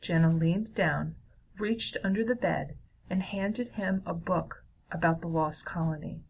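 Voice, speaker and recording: A woman reads a children's story aloud in a slightly low voice. Her delivery is steady and clear, like a storyteller. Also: unhurried, highs cut off.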